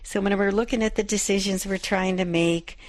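A woman's voice: mid-range voice, fairly even intonation, brisk, dry recording. A middle-aged woman hosting a Catholic radio show, reflecting on a gospel passage and rereading its verses aloud. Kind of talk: devotional scripture reflection.

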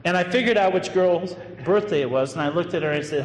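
A male pastor preaches in a relaxed, anecdotal way, tossing in casual fillers as he tells a story. His voice sits a bit high and rings out through a large hall with a long echo and faint noise behind it. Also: fast, hardly any pauses. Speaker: associate pastor. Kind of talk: sermon storytelling.

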